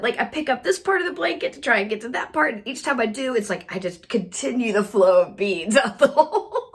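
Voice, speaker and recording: A woman with a slightly high, husky voice hosts a wellness podcast, telling a funny story in a casual monologue and laughing often. She closes with a gentle wrap-up, soft and soothing.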